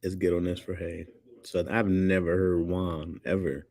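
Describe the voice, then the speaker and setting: A man's voice: sits low, level tone, unhurried, a little mellow, no echo. A man hosting a livestream, joking loosely, laughing often and reading chat comments aloud.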